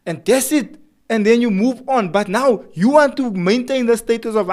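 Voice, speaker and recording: A man chats about married life, switching into playful voices as he acts out arguments. His voice is notably high for a man. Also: moderate pace. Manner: animated storyteller, acts out quarrels. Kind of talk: casual chat.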